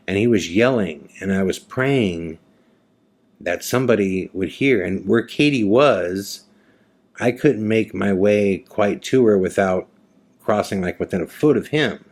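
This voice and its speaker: A man's voice: low voice, unhurried. A man hosting a podcast, telling a personal story in a casual, conversational way with many fillers and restarts. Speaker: podcast host.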